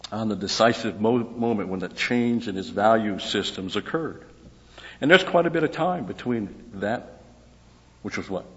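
A man with a lowish voice teaches scripture verse by verse in an easy, talkative way, often posing a question and answering it himself. The sound is dull and lo-fi. His voice rings through a large hall with a long echo. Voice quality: conversational, asks and answers own questions. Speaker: Bible teacher.

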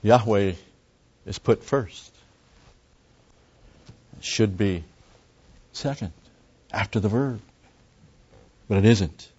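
Low-voiced man teaching a sermon. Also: slow pace, long pauses, darkish tone, slightly rough, dull audio. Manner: explanatory, repeats key phrases, some restarts. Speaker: pastor.

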